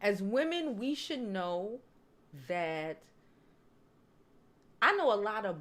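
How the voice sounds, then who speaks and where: A woman hosting a loose, profane gossip show from home, talking straight to her viewers. Her voice sits at an everyday middle pitch. She jumps from loud, animated bursts down to low, almost murmured asides. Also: slow, pauses often. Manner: candid, blunt and profane, calls listeners "child" and "y'all". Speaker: host. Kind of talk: casual gossip chat reading viewer comments. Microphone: home streaming setup, waiting on new mics.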